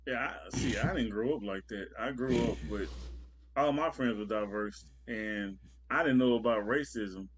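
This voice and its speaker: A man's voice: fairly low pitch, moderate pace, husky. A man co-hosting a talk show, chatting casually and earnestly, often repeating words as he talks. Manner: earnest, repetitive, laughs easily. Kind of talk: casual chat.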